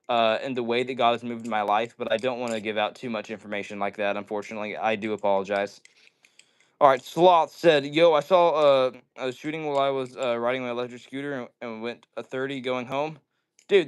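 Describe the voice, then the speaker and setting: A man's voice: medium pitch, clean tone. A man hosting a casual live stream, reading viewers' comments aloud and answering them in an upbeat way. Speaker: livestream host.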